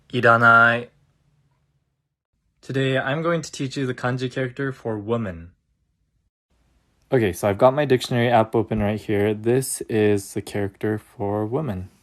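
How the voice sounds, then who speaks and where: A man's voice: mid-range voice, moderate pace, darkish tone. A young man giving a comedic short-form language lesson, jokey and playful, full of puns, recorded on a phone. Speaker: language teacher on short videos.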